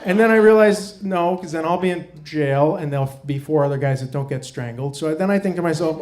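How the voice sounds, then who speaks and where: Male storyteller, middle-aged, self-mocking, drops quiet and low at painful moments; stage mic. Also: fairly quick, hardly any pauses. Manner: wry, self-mocking, dropping low and quiet on hard parts. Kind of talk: live personal storytelling. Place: stage before a live audience. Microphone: stage microphone.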